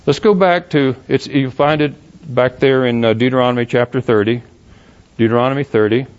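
A man's voice: mid-range voice, steady tone, brisk. A man teaching verse by verse from the Bible in an emphatic, questioning manner, rereading passages aloud. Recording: dull lo-fi recording.

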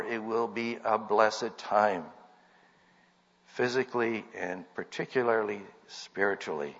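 A man's voice: on the low side, unhurried, fairly bright tone. A man delivering an earnest sermon that rises to emphatic peaks. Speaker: preacher. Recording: dull recording in a reverberant hall.

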